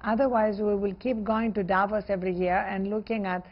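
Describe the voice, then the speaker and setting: A woman guest in a television interview, speaking earnestly and emphatically in measured phrases. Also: medium pitch, steady tone, highs cut off. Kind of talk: conversational interview answers.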